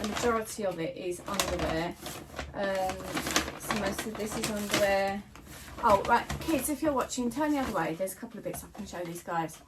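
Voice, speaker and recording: A middle-aged British woman chatting casually to her viewers as a lifestyle vlogger at home, rambling and friendly. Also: medium pitch. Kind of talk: casual chat to camera. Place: at home, in a home office. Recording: noisy home recording.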